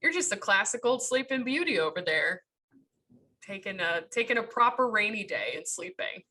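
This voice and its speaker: A woman with a bright, forceful voice chats as a podcast co-host. She is animated and joking and laughs often. Her pitch sits in the middle range. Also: moderate pace, rough recording. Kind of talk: casual chat.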